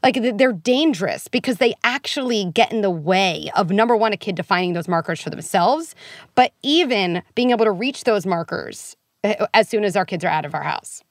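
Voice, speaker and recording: A woman talks as the expert guest in a podcast interview, earnest and animated, often tossing in quick asides. Her pitch sits in the middle range. The sound is close and dry, with no room around it. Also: no room sound. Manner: frequent "like" and "right?" fillers. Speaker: guest psychologist.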